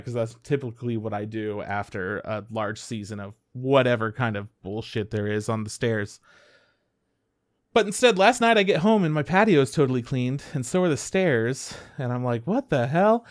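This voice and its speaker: A young man chatting casually as a podcast co-host. He tells stories with energy, swears freely and acts out what people said. His voice sits at an ordinary middle pitch. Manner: animated storyteller, acts out quotes, swears freely. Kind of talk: casual chat.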